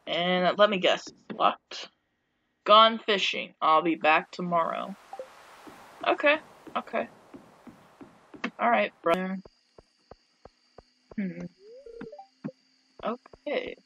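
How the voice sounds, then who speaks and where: A woman chatting through a farming game with a wry, joking tone and plenty of asides. She talks slowly and takes her time. The sound is dull and lo-fi, with a faint hiss. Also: on the low side, sharp tone. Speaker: game player. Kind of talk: casual let's-play commentary.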